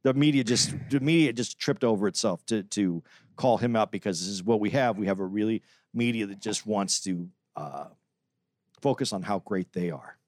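A man's voice: fairly low pitch, moderate pace, no room sound, clean studio sound. A man co-hosting a podcast, giving long opinionated points in casual chat with frequent restarts. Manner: opinionated, talks at length with restarts. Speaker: podcast co-host.

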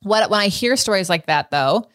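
A woman's voice: mid-range voice, expressive, normal speed, a bit bright, no echo, clean studio sound. A woman in her thirties hosting a podcast, chatting frankly and laughing often as she asks questions. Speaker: podcast host. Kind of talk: casual interview chat.

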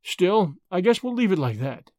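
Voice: mid-range voice, big pitch swings, normal speed, a little mellow, dry recording, clean studio sound, natural voice. A reader voicing a brash, confident young man with an American accent, blunt and persistent. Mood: persuasive. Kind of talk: audiobook character voice.

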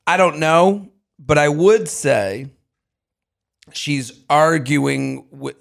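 A man's voice: fairly high pitch, extremely slow, vocal fry. A man co-hosting a dating advice podcast, giving opinions in a rambling, joking way. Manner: rambling, restarts, joking asides, laughs easily. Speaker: podcast co-host. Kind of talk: casual chat.

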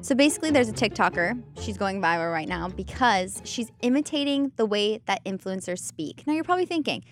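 A woman co-hosting an entertainment news show, chatting casually and recapping stories with quick asides. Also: mid-range voice, expressive, music in the background. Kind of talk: casual chat.

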